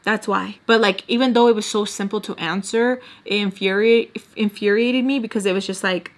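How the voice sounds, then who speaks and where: A young woman in her twenties vents through a personal storytime, heated and swearing freely. She rambles and circles back with filler words, her voice sitting at an ordinary middle pitch. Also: fairly even intonation, moderate pace, hardly any pauses. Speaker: vlogger telling a story. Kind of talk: casual storytime.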